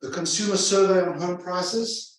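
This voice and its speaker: A man presenting a seminar to real estate agents, punching his points and repeating key phrases. His voice sits a little high for a man and carries a strong room echo, picked up from a distance. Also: normal speed. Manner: emphatic, repeats phrases for effect. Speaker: real estate sales trainer. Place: large room with a live audience.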